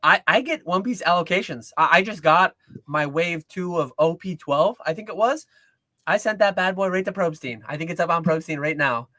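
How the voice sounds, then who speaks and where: Bright-voiced man rambling through a livestream. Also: on the high side, moderate pace, no echo. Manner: rambling with frequent restarts and "like"; earnest explaining. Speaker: co-host of a card-collecting livestream. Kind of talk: casual livestream chat.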